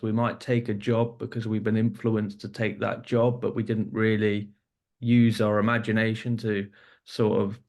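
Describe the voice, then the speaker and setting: A man hosting a podcast, explaining his points earnestly and building them up with examples. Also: medium pitch. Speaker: podcast host. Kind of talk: podcast discussion.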